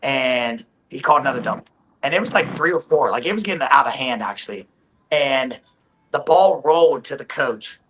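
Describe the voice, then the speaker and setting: A man telling a volleyball story in casual chat, often repeating and restarting his words, his voice recovering from hoarseness. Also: mid-range voice, animated, moderate pace, fairly bright tone, rough recording. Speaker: volleyball guest.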